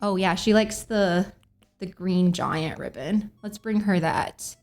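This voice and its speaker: A woman's voice: on the low side, slow, darkish tone, faint music behind. A young woman streaming a cozy game, chatting casually, bubbly and giggly, often apologizing to her characters. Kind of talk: casual gameplay chat.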